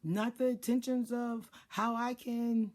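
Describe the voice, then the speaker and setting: A woman's voice: on the high side, steady tone, slow pace, a little mellow. Blunt, profane woman giving life advice. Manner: blunt, profane, acts out quoted people. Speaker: life and spiritual advisor. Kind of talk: casual advice monologue.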